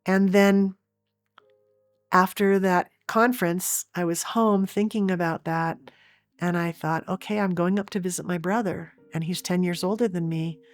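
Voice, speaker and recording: A woman's voice: on the low side, fairly even intonation, unhurried, dry recording, clean studio sound. Earnest middle-aged woman telling her story. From Oregon, USA. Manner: earnest, with frequent restarts. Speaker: interview guest. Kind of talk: storytelling in an interview.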